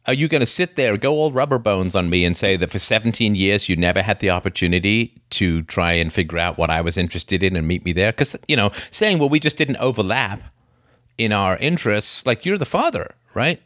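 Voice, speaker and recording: A man's voice: on the low side, expressive, fairly quick, a bit bright, no room sound, studio quality. A man playing an adult son confronting his father in a role play, earnest and blunt.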